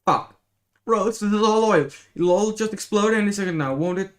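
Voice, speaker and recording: A man voicing an excitable teenage boy who panics easily, reading a comic aloud. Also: close to an everyday voice. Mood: panicked. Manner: high-strung, quick to panic.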